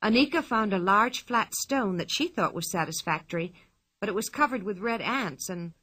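Bright, lively woman reading a storybook. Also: mid-range voice, moderate pace. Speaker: narrator.

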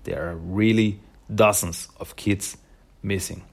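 Male comic reviewer, low husky voice, relaxed rambling delivery. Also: slow pace. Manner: rambling, with frequent fillers and laughs.

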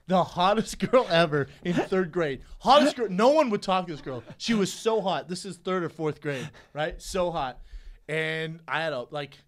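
A man's voice: high-pitched, animated, moderate pace. A man chatting casually, giggling his way through funny stories. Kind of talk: casual chat.

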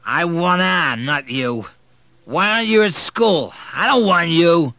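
A man's voice: on the high side, lively intonation, takes it slowly, bright, forceful tone, no echo, pitched above the performer's own voice, heavily acted. A man voicing a drunken, angry middle-aged husband with a thick, slurred voice. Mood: slurred demanding.

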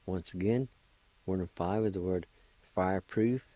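A man's voice: sits low, normal speed, warm tone, no room sound, poor audio. A middle-aged man, patiently spelling and sounding out words in a radio language lesson. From Oklahoma, US. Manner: encouraging. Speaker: language teacher and radio host.

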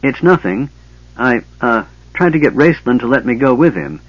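A man's voice: medium pitch, animated, normal speed, breathy edge, dry recording. A man voicing a big, loyal male warrior who talks hesitantly and stammers. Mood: anxious. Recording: dull lo-fi cassette audiobook.

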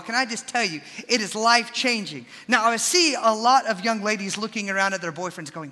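A young adult man preaching a sermon, switching between scripture and animated, folksy storytelling asides. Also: sits high, fairly quick, hardly any pauses, in a large hall.

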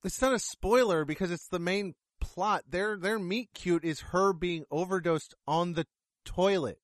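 Man, high-pitched voice, casual film chat, blunt and sweary, dry close sound. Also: measured pace, no room sound. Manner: blunt, profane, sarcastic. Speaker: film reviewer. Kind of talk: casual movie review chat.

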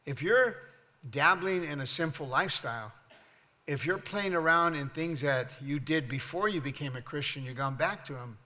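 A man preaching a sermon as pastor, leading the congregation in call-and-response, rising loud and high on his questions and dropping soft on quiet lines. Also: normal speed. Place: church sanctuary. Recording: long hall reverb.

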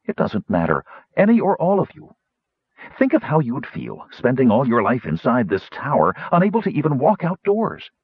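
A fiery woman warrior argues her case with force and conviction, as a male reader puts her on. The voice is husky and dry, with lively, swinging pitch. The sound is dull and lo-fi. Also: normal speed, dry recording, full character voice. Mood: persuasive. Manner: forceful, persuasive.

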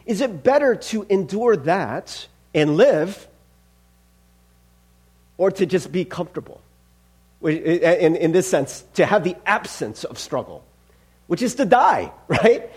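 A young adult male pastor gives a casual, joking sermon to his congregation. His voice sits fairly high and moves around a lot, with a husky edge. He talks easily and often turns to the room with questions. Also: darkish tone. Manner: conversational, self-deprecating, asks the congregation questions. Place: church sanctuary.

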